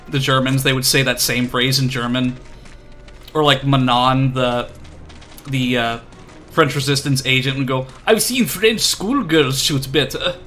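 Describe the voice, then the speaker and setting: A male game streamer talks casually as he plays, rambling and poking fun at himself. His voice is bright and forward at a middle pitch. Soft game music runs faintly behind him. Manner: rambling, self-deprecating, lots of fillers. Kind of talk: casual chat while playing.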